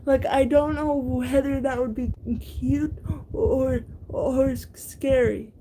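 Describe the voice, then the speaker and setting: A woman's voice: high-pitched, fairly even intonation, takes it slowly, mellow, a little hiss or hum, low-quality recording. A young woman chatting casually to her viewers, stammering and restarting her words with frequent giggles. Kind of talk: casual chat.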